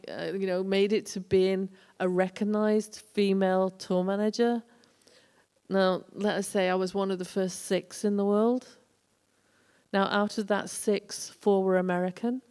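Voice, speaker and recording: A woman's voice: lowish voice, gravelly, darkish tone, clear, resonant tone. A woman, a former tour manager telling road stories in a casual lecture, acting out the people she quotes. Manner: chatty storyteller, acts out quoted voices. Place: college lecture hall. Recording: echoey hall.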